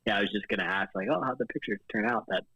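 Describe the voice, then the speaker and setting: A man guesting on a casual chat show, laid-back and full of fillers, jumping up in pitch when he quotes himself. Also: racing, vocal fry, sharp tone, breathy edge, no echo, low-quality recording. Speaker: guest photographer.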